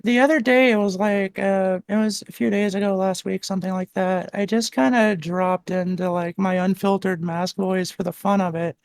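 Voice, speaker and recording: A woman's voice: mid-range voice, steady tone, moderate pace, few pauses, a little mellow. A woman hosting a streamed conversation, talking casually and rambling with lots of fillers. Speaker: stream host. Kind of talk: casual chat.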